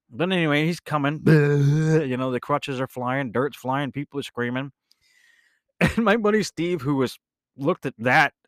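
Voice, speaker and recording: A man hosting a podcast, telling a rambling personal story in a casual, animated way, often correcting himself mid-sentence. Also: mid-range voice, no echo, studio quality. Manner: animated, rambling, with self-corrections and bursts of laughter. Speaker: podcast host.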